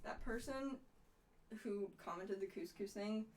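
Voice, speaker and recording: A woman's voice: medium pitch, measured pace, darkish tone. A woman streamer chatting casually and bluntly while she crafts, rambling with some swearing. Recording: voice a bit off-mic.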